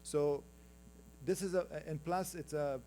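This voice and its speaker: A man's voice: fairly high pitch, steady tone, a little slow, warm tone, slight background noise. A man from Afghanistan with an Afghan accent, giving a conversational conference presentation with slides and joking with the audience. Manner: conversational, teasing the audience, calls for next slides. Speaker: conference panel speaker.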